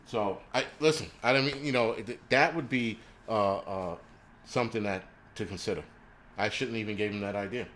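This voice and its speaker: A man's voice: lowish voice, normal speed, fairly bright tone, slight background noise. A man hosting a livestream, ranting crudely and rambling while he answers viewers' chat. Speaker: livestream host.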